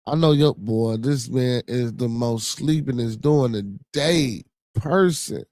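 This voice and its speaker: A man's voice: medium pitch, unhurried, darkish tone, dry recording, studio quality. A man hosting a casual livestream podcast, talking in slang and repeating his catchphrases three times over. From Chicago. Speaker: podcast host.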